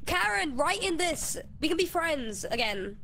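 A woman's voice: high voice, very animated, measured pace, gravelly, sharp tone. A woman joking theatrically while playing a game with friends. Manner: theatrical, jokey. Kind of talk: casual gaming chat.

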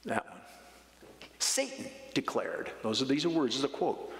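A man's voice: medium pitch, very animated, normal speed, gravelly, fairly bright tone. A male pastor preaching a sermon in a church sanctuary, emphatic and conversational, acting out voices of the figures he quotes. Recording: echoey church hall.

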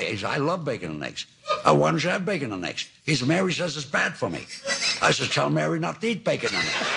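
A man in his nineties, a talk show guest telling anecdotes in a dry, deadpan way on an old TV broadcast tape. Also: medium pitch, noisy background. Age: 90s. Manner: dry, deadpan storyteller with gravelly voice. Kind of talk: anecdotal storytelling.

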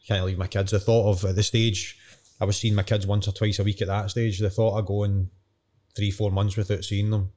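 Ex-footballer guest, thirties; lowish voice, matey, rambling anecdotes. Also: male voice, level tone, normal speed, dark tone. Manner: chatty, matey, retells quotes. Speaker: podcast guest, former footballer. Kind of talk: casual interview storytelling.

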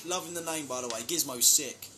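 A man's voice: on the high side, a little fast, very noisy. A young man chatting casually on a live stream, reading out fan names and thanking them for gifts. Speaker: band member live-streaming to fans.

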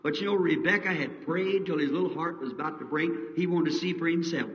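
Fervent high-voiced preacher on old hall tape. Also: male voice, quick pace. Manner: fervent folksy storytelling, voice surging to cries; colloquial country grammar. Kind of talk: revival sermon. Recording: dull old sermon tape, distant mic in a reverberant hall.

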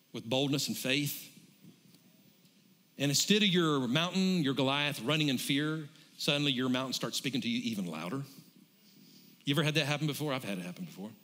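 A man's voice: fairly high pitch, bright, forceful tone. A middle-aged pastor, preaching fervently and calling out to his congregation. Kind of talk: sermon.

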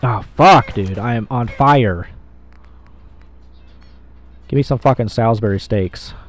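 A young man with a fairly low voice, commentating a shooter game. He talks excitably and swears constantly, with loud outbursts. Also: a little slow. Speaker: gamer. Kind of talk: let's play commentary.

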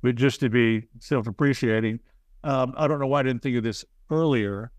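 A man as an interview guest, telling stories in a rambling, halting way with self-deprecating asides. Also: mid-range voice, no echo. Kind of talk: casual storytelling.

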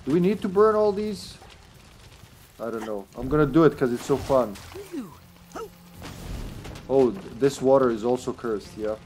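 Man, young adult, game streamer, casual commentary, thinking aloud, mid-pitched voice. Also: animated, moderate pace, long pauses, a little mellow. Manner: thinking aloud, musing as he plays.

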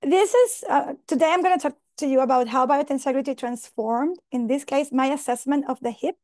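Brief: high, emotional woman presenter on a dry video-call mic, flustered, apologetic. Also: brisk, darkish tone, no echo. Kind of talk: online conference talk.

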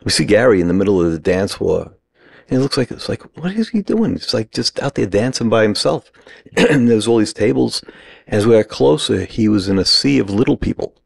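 A man with a very low voice that has a gravelly edge. He tells a long story in casual podcast talk and acts out the lines of the people in it. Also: brisk. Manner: animated anecdote teller who acts out quotes. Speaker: podcast guest.

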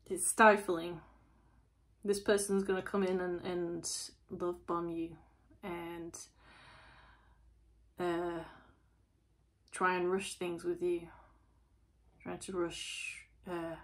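A woman's voice: fairly low pitch, level tone, slow pace, pauses often. A woman chatting through a casual tarot reading, asking lots of rhetorical questions. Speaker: tarot reader.

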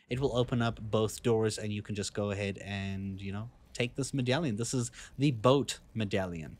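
Young guy, slight foreign accent, casual walkthrough voice-over, dry close mic, mid pitch. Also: no room sound. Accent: non-native English accent. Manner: relaxed, chatty, step-by-step instructions. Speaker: gaming guide creator.

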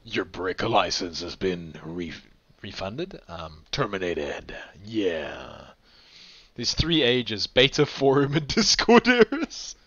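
A man hosting a game tournament stream, tired and with a sore throat, chatting in a relaxed, chuckling, rambling way. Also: on the low side, takes it slowly, slightly rough, no room sound. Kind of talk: casual live game commentary. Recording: dull lo-fi stream audio with game music. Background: faint game music.

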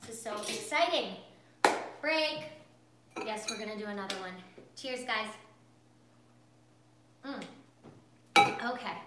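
A woman's voice: fairly high pitch, very noisy. Bubbly woman teaching in an echoey kitchen. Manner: bubbly, chatty, talks straight to viewers. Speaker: cooking instructor. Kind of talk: live cooking class. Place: home kitchen.

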